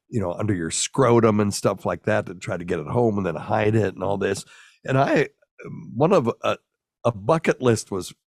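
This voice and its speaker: Man in his sixties, low-pitched voice, broadcaster's delivery, candid anecdotes, dead-dry room. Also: no room sound. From US South, raised in Chicago area until sixth grade. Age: 60s. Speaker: guest, physician and former broadcaster. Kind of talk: casual interview chat, storytelling.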